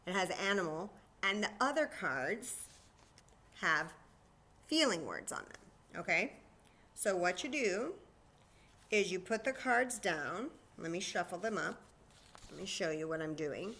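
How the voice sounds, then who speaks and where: A woman hosting a children's story time, talking slowly and simply to young children in an animated way. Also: fairly low pitch.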